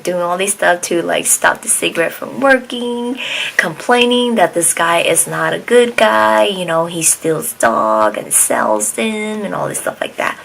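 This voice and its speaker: A woman's voice: on the low side, vocal fry, fairly bright tone, a little hiss or hum, poor audio. A woman retelling a drama plot in a casual, rambling way, full of fillers, restarts and acted-out lines. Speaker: drama reviewer.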